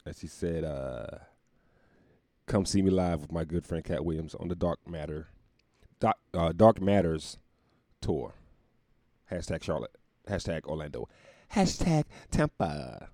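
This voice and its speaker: A man's voice: deep voice, measured pace, pauses often, dark tone, dry recording, studio quality. A young man hosting a podcast from home, telling stories in a loose, profane, laughing way. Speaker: podcast host. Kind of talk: casual comedic storytelling monologue.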